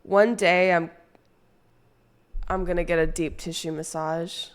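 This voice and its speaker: A young woman chats on a live stream with a slightly low voice. Her talk rambles and turns crude and playful as she answers viewers in chat. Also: fairly even intonation, measured pace, smooth.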